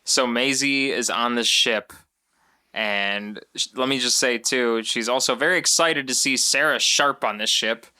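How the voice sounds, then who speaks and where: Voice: mid-range voice, unhurried, pushed and bright, smooth. A podcast co-host chatting casually about a film, joking and reading quotes from notes. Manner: jokey, reads quotes from notes. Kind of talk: casual film recap chat.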